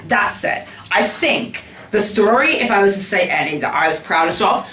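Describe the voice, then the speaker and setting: Animated, profane man telling stories. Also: high voice, moderate pace. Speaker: tabloid journalist guest. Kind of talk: candid interview storytelling. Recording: roomy sound, distant mic.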